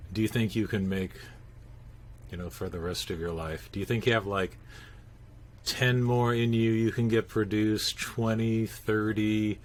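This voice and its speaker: A man hosting a podcast, asking curious interview questions. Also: lowish voice.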